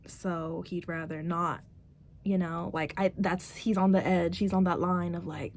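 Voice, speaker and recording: A woman's voice: lowish voice, level tone, a little slow, slight background noise. A woman vlogger chatting casually, rambling with many fillers as she retells a story. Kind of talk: casual chat.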